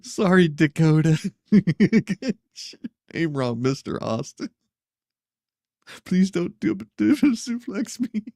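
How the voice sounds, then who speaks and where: A man's voice: sits high, big pitch swings, slow, dark tone, dry recording, studio quality. A man hosting a casual news commentary show, laughing often and teasing the stories he reacts to. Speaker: host.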